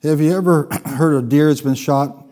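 A man preaching a sermon, telling a funny personal story with lively, animated delivery. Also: a little high, normal speed. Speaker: pastor.

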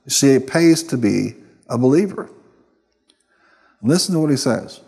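A man's voice: mid-range voice, animated, normal speed, vocal fry, pauses often, darkish tone, slightly rough. Man preaching in an echoing hall. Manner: emphatic, calls for responses from the congregation. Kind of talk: sermon.

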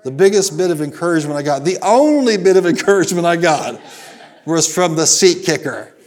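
On the high side and fairly quick, with lively intonation, a middle-aged pastor from Southern Illinois preaches to his congregation in the sanctuary. Slight background noise is present as he tells folksy stories and calls for the people to respond.

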